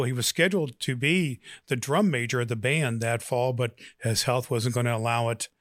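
A man's voice: mid-range voice, a bit bright, no room sound. Man, podcast host, earnest encouraging talk, dry close sound. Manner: earnest, motivational. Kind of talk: encouraging talk and joke-telling.

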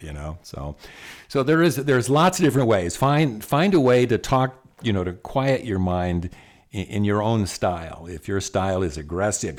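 A man's voice: lowish voice, very animated, normal speed. An older man giving a casual, folksy talk about the mind, often repeating words and chuckling. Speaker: speaker on self-talk and the mind.

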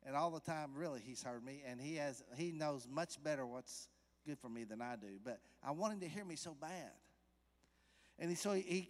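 Male preacher in a church sanctuary, somewhat high-pitched voice, chatty sermon delivery that builds to loud emphasis, long reverb. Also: moderate pace. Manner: conversational preaching that swells to loud emphatic peaks; questions the congregation directly.

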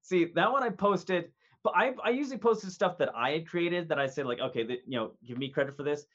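A man in casual chat, halting with fillers and restarts, laughing often. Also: a little high, fairly bright tone, lo-fi sound.

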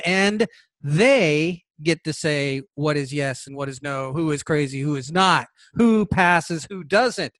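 A male podcast host delivering political commentary, alternating between reading dense legal wording and exasperated asides. His voice sits a bit higher than most men's and is recorded close on a mic in a dry, dead room. He pushes his points hard and sounds openly outraged. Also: a bit bright, dry recording. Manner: emphatic, indignant, reading legal text aloud.

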